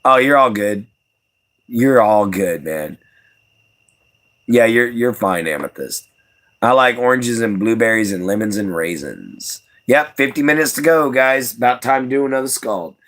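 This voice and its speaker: A man's voice: mid-range voice, animated, measured pace, a bit bright. A young man with a Southern US accent, chatting in a rambling, folksy way on a livestream and chuckling as he answers the chat. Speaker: livestream host.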